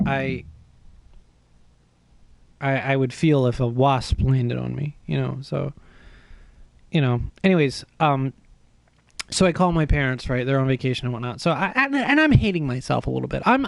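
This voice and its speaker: A man streaming a game, telling a story in a casual, animated, self-mocking way with swearing. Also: medium pitch, vocal fry, dry recording.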